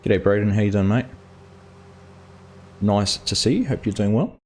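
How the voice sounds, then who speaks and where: A man's voice: fairly low pitch, normal speed, darkish tone. An Australian man hosting a live game stream, casually chatting and greeting viewers in chat by name as he plays. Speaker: gaming streamer host.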